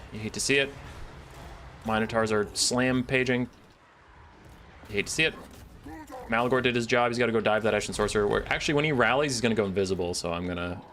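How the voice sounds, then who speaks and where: A man with a fairly low voice talks through a live strategy match, calling out unit orders and joking at his own mistakes. Behind him sits a faint room ambience. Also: a bit bright, a little hiss or hum. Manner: playful, mock-scolding asides, self-deprecating. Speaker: streamer. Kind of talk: casual live gameplay commentary.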